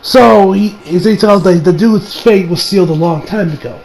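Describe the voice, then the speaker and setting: A man recapping an anime episode in casual, rambling talk, full of laughs and swearing. His voice sits high and has a gravelly rasp. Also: normal speed, a little mellow, a little hiss or hum, poor audio. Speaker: anime reviewer.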